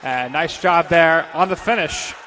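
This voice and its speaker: Male play-by-play announcer for a basketball game; higher, bright tone, measured pace between the calls. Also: slight background noise. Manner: rapid-fire calls, bursts of excitement on scores. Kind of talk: live basketball play-by-play commentary.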